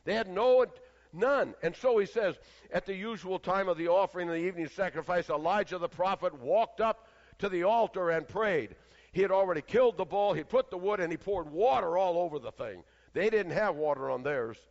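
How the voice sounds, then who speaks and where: A male preacher with a high voice delivers a sermon in a large church, his words trailing off into a long hall reverb. He swings from loud, declaiming passages to hushed near-whispers. The recording has a dull, lo-fi sound. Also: a little fast.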